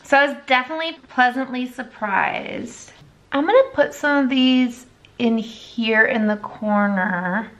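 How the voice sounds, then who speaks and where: Bright, chatty young woman. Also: fairly high pitch, unhurried. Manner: chatty and rambling, switches to baby talk with her dog. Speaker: makeup vlogger. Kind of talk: casual makeup tutorial chat. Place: her home.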